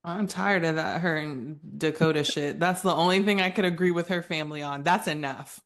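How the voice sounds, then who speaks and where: A woman's voice: sits low, brisk. A woman in a casual TV recap chat, opinionated and dry, with weary, fed-up asides.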